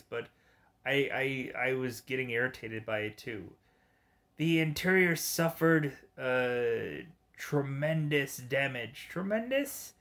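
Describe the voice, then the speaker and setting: A man giving casual gameplay commentary, reading the game's dialogue aloud in a rambling, halting way. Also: mid-range voice, fairly bright tone. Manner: rambling, halting, with frequent fillers. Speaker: gamer.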